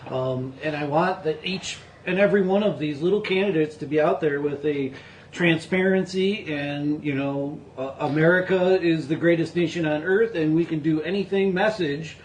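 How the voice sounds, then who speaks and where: A man's voice: on the high side, normal speed, slight background noise, rough recording. A man on a podcast, talking politics in an earnest, rambling way with many restarts. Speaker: podcast co-host. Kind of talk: casual political chat.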